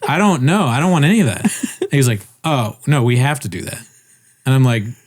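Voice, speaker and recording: A man on a casual podcast telling a story with animated, swearing delivery, laughing often and acting out the people he quotes. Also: medium pitch, brisk. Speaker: podcast co-host. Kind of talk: casual chat.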